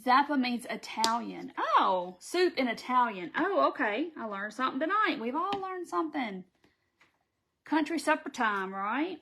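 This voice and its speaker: Southern American woman, slightly high voice, casual live craft-tutorial host who chats and reads comments aloud. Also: big pitch swings, moderate pace, few pauses, pushed and bright, a little hiss or hum. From Southern United States.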